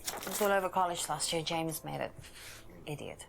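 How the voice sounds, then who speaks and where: A woman's voice: low voice, lively intonation, normal speed, gravelly, over a noisy crowd. A woman playing a dismissive young female college student who scoffs at a classmate in a live-action game. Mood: scornful. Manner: scornful, dismissive.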